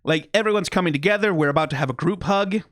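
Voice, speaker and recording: A man casually reviewing songs, animated and quick to laugh, who swears freely. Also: high-pitched, no echo, studio quality. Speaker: song reviewer. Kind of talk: casual commentary.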